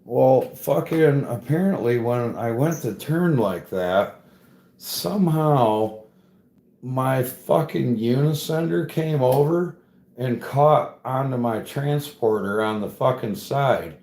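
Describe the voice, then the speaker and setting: A man's voice: medium pitch, lively intonation, slow, a little mellow. A man chatting casually, telling a rambling story full of swearing and "bro" and "dude" as he talks to a live chat about tree climbing. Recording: echoey room.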